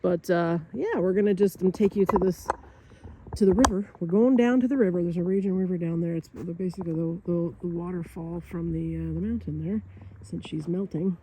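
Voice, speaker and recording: A bubbly vlogger from Northern California chats while walking outdoors on a rural property for a nature vlog, laughing often and full of fillers and restarts. Her voice is lowish, warm, and fairly quick, on poor audio with faint outdoor background noise.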